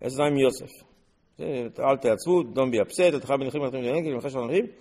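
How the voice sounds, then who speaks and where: Animated man teaching Torah, echoing hall. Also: medium pitch, fast. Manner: animated, rhetorical questions, quotes verses in Hebrew. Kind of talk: Torah class in English.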